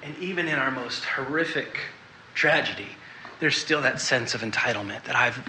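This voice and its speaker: Man, preacher, sermon, earnest, confessional, bright voice, roomy church echo. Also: medium pitch, normal speed, a little hiss or hum. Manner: earnest, confessional, asks the congregation questions.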